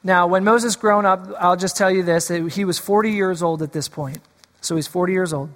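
A man's voice: high-pitched, steady tone, moderate pace, fairly bright tone. Guy pastor preaching, kinda jokey then serious, church echo all around. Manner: playful, teasing, then earnest preaching. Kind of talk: sermon. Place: church sanctuary. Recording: long hall reverb.

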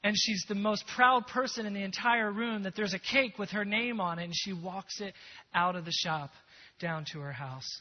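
A male preacher telling a story in a sermon, animated, moving from loud to hushed. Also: high voice, moderate pace. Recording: long hall echo, dull sound.

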